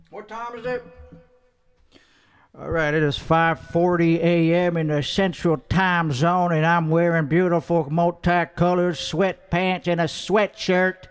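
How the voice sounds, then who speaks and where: High-voiced rambling man livestreaming. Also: fairly even intonation, measured pace, big-room sound. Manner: rambling and profane, loose slangy talk. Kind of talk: casual livestream chat. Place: home studio apartment.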